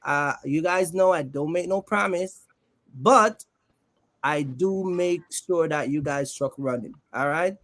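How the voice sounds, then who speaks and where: High-voiced joking livestream host, a man. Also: takes it slowly, a bit bright. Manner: loose and joking, reads the chat aloud, lots of "man" and "you know". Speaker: host of a trucking business livestream. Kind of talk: casual live-stream chat.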